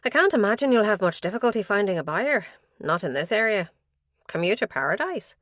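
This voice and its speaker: An earnest female police detective, careful and polite with people in grief, as a woman narrator plays her. She speaks a little higher than the narration, in a plain, tactful way. The audiobook recording is dry and close. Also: very animated, brisk, a bit bright, no room sound.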